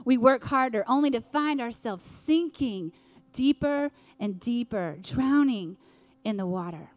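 High-voiced woman preaching a sermon. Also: lively intonation, no room sound. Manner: earnest, preaching with dramatic pauses and acted quotes.

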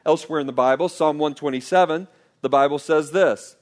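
A man preaching a sermon, animated and playful, leading his congregation in call-and-response. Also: fairly high pitch, a little fast. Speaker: pastor.

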